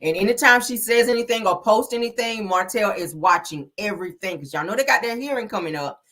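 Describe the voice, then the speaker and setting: A woman hosting a gossip show, talking in a sassy, animated way, full of "honey" and "child" and swearing. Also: medium pitch, brisk. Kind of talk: casual gossip commentary.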